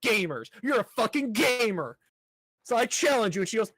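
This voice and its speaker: A man's voice: high voice, expressive, a little fast, fairly bright tone, no room sound. A man co-hosting a casual podcast, animatedly recapping an anime episode, acting out the characters' lines and swearing freely. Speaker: podcast co-host.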